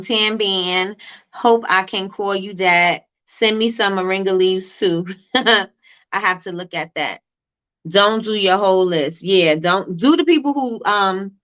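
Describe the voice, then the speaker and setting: A woman with a voice on the low side hosts a live coaching stream for small business owners, speaking fast in a pushed, bright, smooth way. She repeats herself and responds to the chat as she goes.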